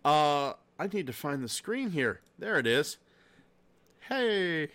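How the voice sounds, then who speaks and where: A man hosting a casual podcast, telling stories in a profane, laughing, animated way. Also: a little high, takes it slowly. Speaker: podcast host. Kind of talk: casual chat.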